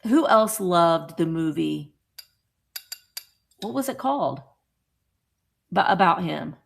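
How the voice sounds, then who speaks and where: Slow-talking chatty woman livestreaming. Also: lowish voice, gravelly. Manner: chatty and excitable, squeals over cute items. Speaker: vintage reseller hosting a livestream. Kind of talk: casual live-stream chat, greeting viewers.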